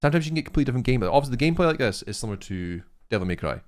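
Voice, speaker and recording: A young man co-hosting a casual chat, excitable and rambling, swearing freely. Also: mid-range voice, racing. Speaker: co-host.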